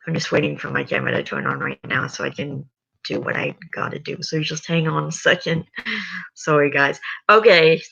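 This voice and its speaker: A tired young woman on a casual livestream, chatting hesitantly between stretches of reading aloud. Her voice is low and gravelly but bright in tone. The recording is dull and lo-fi. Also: animated, moderate pace. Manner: chatty, hesitant, self-correcting. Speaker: livestream host reading a story. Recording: dull lo-fi sound.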